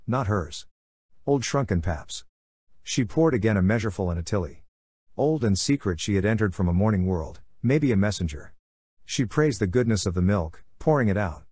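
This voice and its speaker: Male audiobook reader, lowish voice, dead dry studio sound, even reading. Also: no echo. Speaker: audiobook narrator. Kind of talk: scripted narration.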